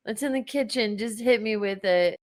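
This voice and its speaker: A woman's voice: mid-range voice, moderate pace. A sober woman guest on a podcast who mostly reacts to a story with short exclamations and gasps. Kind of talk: casual chat.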